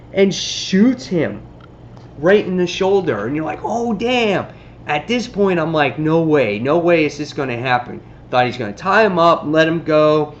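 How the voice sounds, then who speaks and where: A man casually reviewing a comic book on his vlog, excitably retelling the story. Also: a little high, dull audio, a little hiss or hum.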